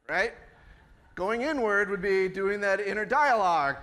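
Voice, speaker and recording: A man's voice: high-pitched, measured pace, long pauses, bright, forceful tone. A middle-aged man preaching a sermon in a conversational way, asking the congregation questions. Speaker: pastor. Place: church before a congregation.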